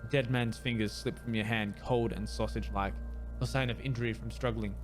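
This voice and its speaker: A man's voice: medium pitch, steady tone, music in the background. A man playing through a video game, reading its dialogue aloud and doing amateur voices for the characters. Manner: amateur voice acting, measured reading. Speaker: let's player.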